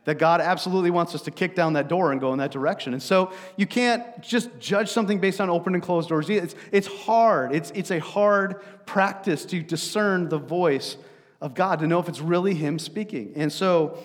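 A man's voice: sits high, normal speed, in a large hall. A man preaching a sermon as pastor, telling stories in a conversational way with frequent fillers and restarts.

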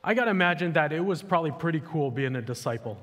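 A man preaching a sermon in a church sanctuary, speaking casually and conversationally. His voice sits a little high for a man. A long reverb from the hall trails behind every phrase. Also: animated, quick pace, a bit bright. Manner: casual and conversational, with many "like" and "you know". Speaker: pastor.

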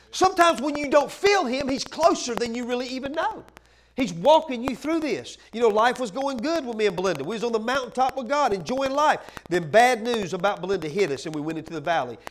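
A man's voice: extremely high pitch, a bit bright, slight background noise, poor audio. A man pastor preaching a sermon in a church, impassioned and driving his points home with emphatic repetition.

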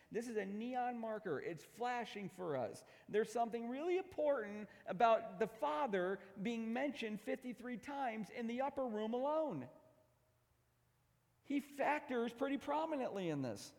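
A middle-aged man preaching a sermon as pastor, emphatic, swinging between loud declarations and hushed asides. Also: high voice, gravelly. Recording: long hall reverb.

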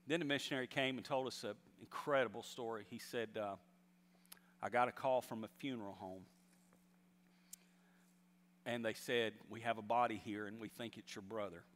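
Male pastor, mid-pitched voice, storytelling sermon with emphatic swells, long hall reverb. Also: steady tone, moderate pace, pauses often, a bit bright. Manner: storytelling, rising to emphatic exhortation.

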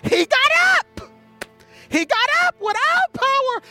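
A male preacher voicing an older woman churchgoer who shouts her praise in a high falsetto. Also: brisk, soft background music. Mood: jubilant. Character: older woman church member, joyful and irrepressible.

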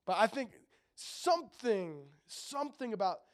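High-voiced man preaching casually. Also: sing-song, a little slow. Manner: chatty, jokey asides to the audience. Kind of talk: casual sermon with scripture reading.

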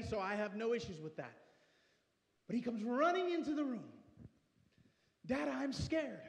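A man in his thirties preaching a passionate sermon as pastor, swinging between hushed and loud delivery. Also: high voice. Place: church sanctuary. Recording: echoey church hall.

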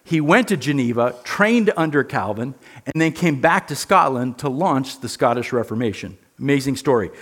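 A man's voice: on the high side, fairly bright tone. Earnest man lecturing on church history. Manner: earnest, emphatic, repeats words. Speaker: teacher.

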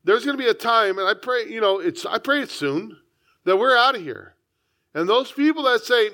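A man with a notably high voice preaches a sermon. He speaks as a pastor, reading scripture and breaking into conversational asides. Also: expressive, moderate pace, pushed and bright. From United States.

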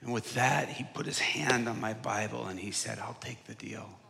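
Man, preacher, sharp tense voice, long hall reverb, hushed then impassioned delivery. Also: fairly low pitch, moderate pace, creaky. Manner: swings from hushed whispers to loud impassioned shouts. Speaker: evangelist. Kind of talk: sermon storytelling. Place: conference stage.

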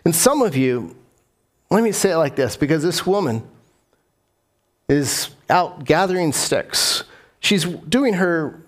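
Repetitive preaching male pastor. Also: a little high. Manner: repeats key phrases for emphasis, asks the congregation questions. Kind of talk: sermon.

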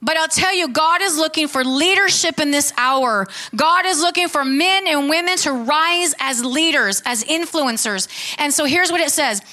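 A woman's voice: high voice, moderate pace, hardly any pauses, sharp tone. A woman preaching a sermon, fervent and calling questions out to her congregation.

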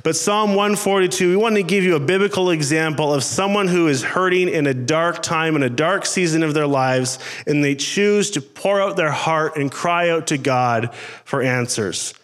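Male pastor with a slightly high voice, preaching to his congregation in an earnest, pleading way. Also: normal speed, fairly bright tone. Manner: earnest, pleading, repetitive phrasing. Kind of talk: sermon. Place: church service before a congregation.

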